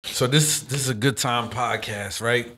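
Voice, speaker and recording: A man's voice: mid-range voice, measured pace, sharp tone. A man hosting a casual podcast, laid-back, dropping short agreeing replies and easy questions. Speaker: podcast host. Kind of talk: casual chat.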